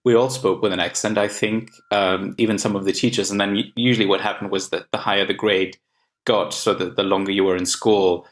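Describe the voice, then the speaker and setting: A man's voice: lowish voice, steady tone, a little fast. A man from Germany co-hosting a podcast, talking thoughtfully with hedges and laughing along with the others. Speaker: podcast co-host. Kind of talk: casual podcast chat.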